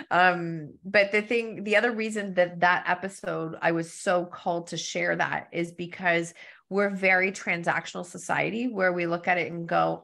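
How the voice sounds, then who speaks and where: A woman speaks as a guest on a live-stream interview, her voice sitting a little low with a gravelly, fried edge. She talks earnestly and candidly through personal anecdotes, heard over a remote call mic. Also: a bit bright. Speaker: guest, storytelling business coach.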